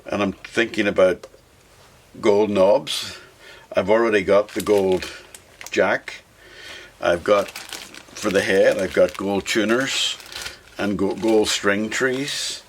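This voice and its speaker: A man with a very low voice talks casually as he works on a guitar, thinking out loud and chatting to the viewer. Faint noise and small clicks sit behind him. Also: slow pace, long pauses. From Scotland. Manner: chatty, talks to himself while working, sing-song bursts. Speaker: hobby guitar builder. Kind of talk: casual workshop vlog talk.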